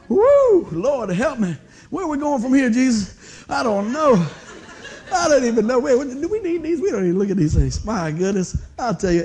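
A man preaching a humorous storytelling sermon in a church, animated and laughing often, breaking into excited whoops. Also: high voice. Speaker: pastor. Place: church sanctuary before a congregation.

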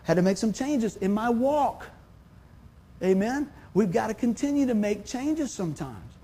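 A man's voice: sits high, lively intonation, unhurried, mellow, breathy edge. A man, preaching a sermon in a folksy, conversational way. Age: 50s. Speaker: pastor.

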